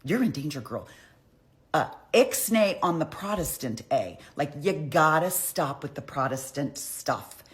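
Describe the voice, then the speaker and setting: A woman's voice: low-pitched, very animated, unhurried. A woman voicing a male court physician who talks in a blunt, conspiratorial, slangy way. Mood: urgent.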